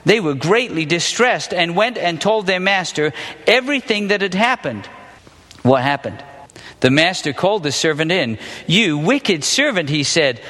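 A man's voice: sits high, fairly bright tone, big-room sound. A man teaching a Bible passage, reading it aloud and then questioning his listeners with small laughs.

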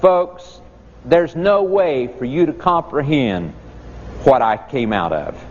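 A man's voice: animated, takes it slowly. A man preaching a sermon in a folksy storytelling manner, from the rural countryside. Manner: folksy storytelling, swooping pitch. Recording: dull echoey hall recording.

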